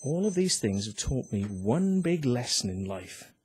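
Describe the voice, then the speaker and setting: A man's voice: medium pitch, very animated, a little slow, a little mellow, breathy edge. A man with a British accent, ranting in a heated, profane and mocking way on a vlog while reading out a complaint ruling. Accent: British English. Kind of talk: angry vlog rant.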